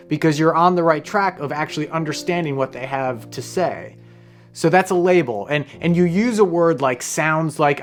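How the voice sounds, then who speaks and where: A man hosting a casual explainer monologue, talking loosely, wandering into side stories and swearing offhand. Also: a little high. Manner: rambling, conversational, off-hand swearing. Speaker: host, comedian.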